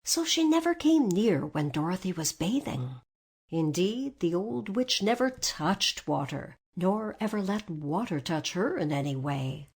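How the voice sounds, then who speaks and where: A woman narrating a storybook aloud in an expressive read-aloud manner. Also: fairly low pitch, unhurried, slightly rough.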